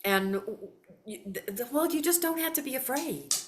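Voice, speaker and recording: A woman, a psychic doing casual readings on a live call, animated, folksy and quick to laugh. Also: high voice, noisy background. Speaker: psychic guest.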